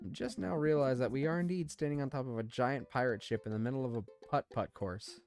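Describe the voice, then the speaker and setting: A man's voice: mid-range voice, brisk, hardly any pauses, a little mellow, faint music behind. A man playing a dating game, casually commenting and reading the lines aloud in a playful, jokey way. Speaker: let's play host.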